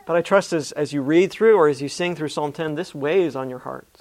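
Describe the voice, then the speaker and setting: Male preacher with a high voice, earnest delivery, reads scripture with emphasis. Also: a little fast. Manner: repeats words and restarts mid-phrase. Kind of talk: sermon.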